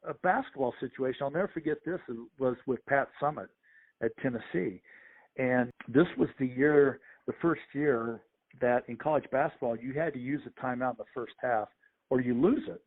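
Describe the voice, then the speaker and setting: A middle-aged man, a sports official and podcast guest, telling lively anecdotes in a conversational interview and acting out what other people said. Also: medium pitch, moderate pace. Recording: tinny phone line.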